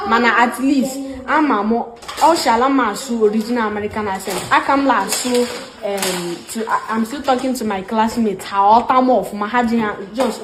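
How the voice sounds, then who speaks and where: A woman's voice: on the high side, echoey room. A woman student with a Nigerian Igbo accent, earnestly persuading and switching between Igbo and English.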